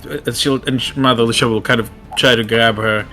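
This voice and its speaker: A man narrating as game master, with halting speech and many fillers. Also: mid-range voice, steady tone, sharp tone, soft background music.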